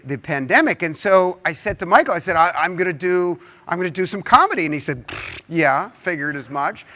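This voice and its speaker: A man's voice: high-pitched, bright, forceful tone. A man interviewing a guest on a conference stage, joking and teasing as he talks. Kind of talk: on-stage conversation.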